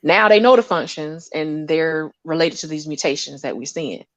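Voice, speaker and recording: A lab scientist guest with a lower-than-usual voice chats casually about her lab work and the people around her, telling lively stories, acting out what others said and laughing often. She speaks at a normal speed, and the audio is close, dry and dull, with no room sound.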